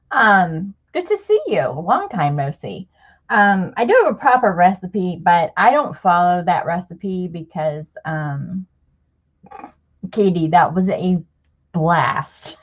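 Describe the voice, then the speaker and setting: A middle-aged woman hosting a casual livestream chat with viewers, speaking in a heartfelt, halting way, on the edge of tears. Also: lowish voice, expressive. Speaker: livestream host. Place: home room with a table of craft supplies. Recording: dull lo-fi livestream audio.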